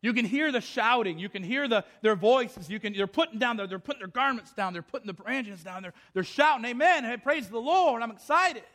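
High-voiced impassioned male preacher. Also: brisk, hardly any pauses, a bit bright. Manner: impassioned, repetitive, with frequent restarts. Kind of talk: sermon.

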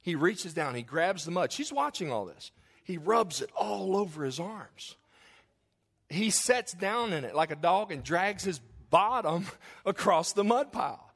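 A man's voice: high voice, big pitch swings, unhurried, creaky, a bit bright, husky. A middle-aged man pastor preaching a sermon, telling folksy family stories and acting out the quoted voices.

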